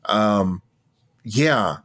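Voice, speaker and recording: A man's voice: lowish voice, expressive, a bit bright. A man co-hosting a podcast in loose, casual chat. His talk is wry and meandering, and he drops a swear word now and then for emphasis. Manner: wry, profane, drawn-out musing. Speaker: podcast co-host.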